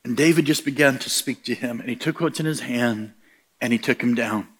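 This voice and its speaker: Middle-aged male preacher, mid-pitched voice, punchy storytelling delivery. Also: fairly quick, fairly bright tone, breathy edge. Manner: storytelling preacher, acts out quoted voices, rising emphatic punches. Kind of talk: sermon.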